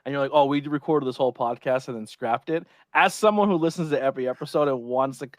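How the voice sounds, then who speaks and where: A man's voice: mid-range voice, fast talker, no echo. A man hosting a podcast in casual chat, joking and blunt, swearing freely. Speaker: podcast host.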